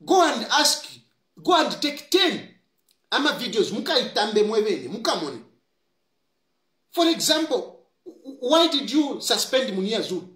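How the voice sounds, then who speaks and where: A man's voice: very high-pitched, a bit bright. A Zambian-accented man giving impassioned political commentary, scolding and repeating his points, switching between English and Bemba. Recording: roomy echo.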